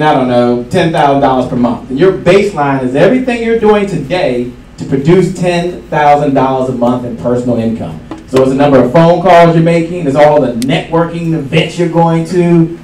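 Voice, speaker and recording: A man giving a live sales seminar to an audience, energetic and repeating his key lines for emphasis. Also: on the high side. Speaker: sales trainer. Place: event room with an audience. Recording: echoey room from far off, faint hiss.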